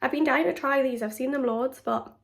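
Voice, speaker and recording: A woman's voice: sits high, fairly quick, creaky. A young woman, chatting casually and upbeat to camera in her vlog. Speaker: vlogger. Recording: loud background noise, traffic.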